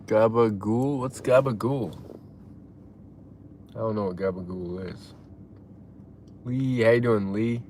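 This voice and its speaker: A man live-streaming and chatting casually, reading out chat messages in a laid-back way and reacting loudly to donations. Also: on the low side, slow pace, pauses often, a little hiss or hum.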